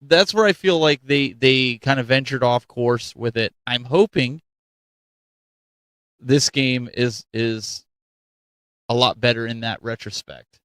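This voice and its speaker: A middle-aged man hosting a relaxed gaming podcast, talking in loose, animated bursts and restarting his sentences. His voice sits in an ordinary middle range. The sound is dry and close, with no room around it. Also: medium pitch, slow, long pauses, no room sound. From Ohio. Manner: rambling, animated, restarts often. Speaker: podcast host. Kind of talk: casual panel chat.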